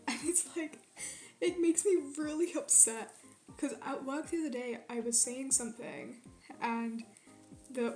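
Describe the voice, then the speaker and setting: Young woman streamer, bright high voice, rambling and foul-mouthed, echoey room. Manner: rambling, swears a lot, ranting. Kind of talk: casual chat with live chat. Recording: roomy echo.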